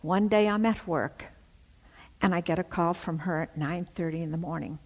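A woman giving an emotional personal testimony, telling her story haltingly with many fillers. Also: lowish voice, darkish tone, big-room sound.

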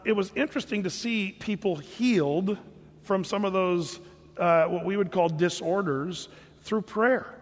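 A man preaching a sermon in a casual, storytelling manner, full of small restarts and filler words. His voice sits a little high for a man. The sound carries the long reverb of a large hall. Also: fairly bright tone. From California. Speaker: pastor.

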